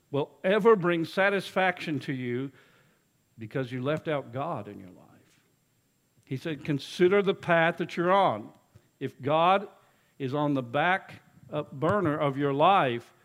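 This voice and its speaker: An executive pastor delivers a sermon full of folksy stories. His delivery swings between loud exhortation and quiet, low asides.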